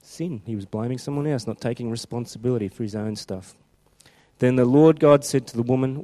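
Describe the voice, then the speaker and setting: A man preaching a sermon, mixing chatty asides with animated scripture reading. His voice is mellow and warm, sitting at an average pitch. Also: fairly quick.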